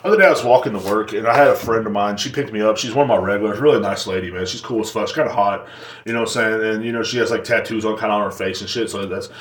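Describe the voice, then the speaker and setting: A man's voice: fairly low pitch, very fast. A man hosting a podcast alone, talking in a casual, rambling and profane way while joking as he goes. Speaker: podcast host. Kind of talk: casual solo rant. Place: seated indoors in a chair. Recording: roomy echoing room.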